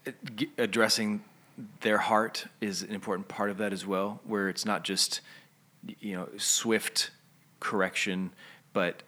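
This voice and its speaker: A man with a low, deep voice talks through a podcast discussion. He explains in a steady, teaching manner, laying out one question after another. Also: unhurried. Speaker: podcast co-host.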